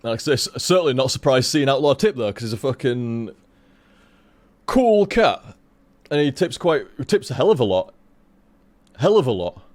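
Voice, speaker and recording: Rambling man with a lively pitch. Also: moderate pace, long pauses. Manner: rambling, swears casually, stumbles and restarts. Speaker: game streamer. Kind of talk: casual stream chat.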